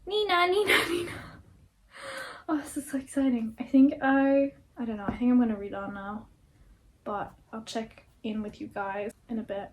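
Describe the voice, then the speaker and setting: A woman's voice: fairly high pitch, level tone, normal speed, warm tone, slight background noise. A young woman chatting casually in a book vlog, gushing and emotional, stacking repeated words for emphasis and laughing often. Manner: giggly, emotional. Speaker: book vlogger.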